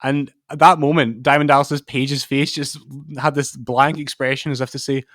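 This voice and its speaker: A man's voice: medium pitch, flat delivery, normal speed, fairly bright tone, no echo. A man with a middle-range voice spins loose, rambling anecdotes on a podcast and slips into playful impressions when quoting people. The sound is dry and close to the mic. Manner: rambling storyteller who acts out quotes. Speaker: podcast co-host. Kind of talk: casual chat.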